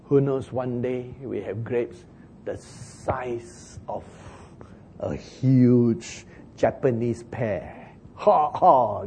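A man preaching a sermon in an animated way, chuckling as he talks and acting out the lines he quotes. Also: mid-range voice, extremely slow, a little hiss or hum. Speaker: pastor.

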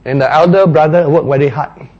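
A man preaching a sermon, retelling a parable with playful, animated storytelling and frequent laughter. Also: a little high, fairly quick, lo-fi sound.

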